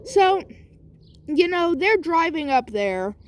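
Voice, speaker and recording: A woman's voice: very high-pitched, very animated, slow. A woman casually telling an improvised story, rambling with lots of asides. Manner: rambling, many fillers and asides.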